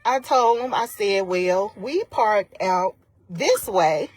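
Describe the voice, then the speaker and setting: A woman's voice: mid-range voice, takes it slowly, dry recording. A woman on a live stream, emphatically retelling an incident in casual storytelling and acting out the dialogue. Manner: animated, emphatic, acts out quoted dialogue. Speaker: vlogger retelling a personal incident. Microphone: phone on a live stream.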